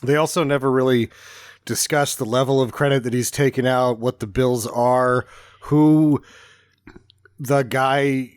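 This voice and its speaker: A man's voice: mid-range voice, steady tone, unhurried, smooth, dry recording, clean studio sound. A man casually chatting about a film, blunt and wry, cursing freely. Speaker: podcast co-host. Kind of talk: casual movie review chat.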